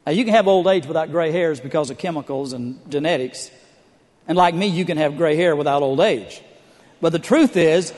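A man's voice: high-pitched, moderate pace, in a large hall. A middle-aged male pastor preaching a sermon, telling stories with humor and building to emphatic points. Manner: storytelling with humor, rising emphatic delivery.

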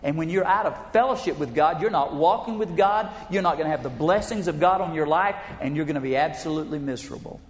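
A man preaching a sermon as pastor, with emphatic swings in pitch and pace. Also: fast, few pauses. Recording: echoey hall with long reverb.

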